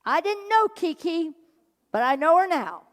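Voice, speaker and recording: A woman's voice: very high-pitched, sing-song, a little slow. A woman minister giving a sermon, telling a story with jokes and acting out the people she quotes. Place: church sanctuary. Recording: hall reverb.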